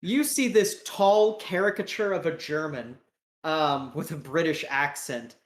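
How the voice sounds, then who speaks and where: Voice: medium pitch, measured pace, reverberant. A game master narrating a tabletop game in a loose, filler-heavy, laid-back way.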